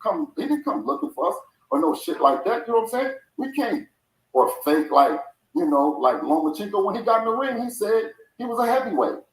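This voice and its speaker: Middle-aged dude arguing on a video call, fairly high voice, echoey room, keeps saying it again. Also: male voice, very animated, brisk. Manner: insistent, repeats himself, swears. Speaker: boxer's father and trainer. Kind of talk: heated call with a fighter. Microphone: video call audio. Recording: roomy video call audio.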